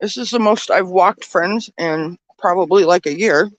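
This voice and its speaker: A woman's voice: medium pitch, animated, unhurried, no echo, lo-fi sound. Breathless woman vlogging outdoors. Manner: breathless, chatty, talks to viewers as friends. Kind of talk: walking vlog. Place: outdoors at a snowy ski resort village. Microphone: handheld phone.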